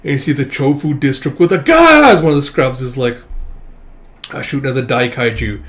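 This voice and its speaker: A man hosting his own channel, chatting loosely through a comic chapter at a mid pitch. He stumbles along with frequent "uh" fillers and breaks into small chuckles, relaxed and unhurried. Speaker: manga reaction channel host. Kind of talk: casual read-through commentary.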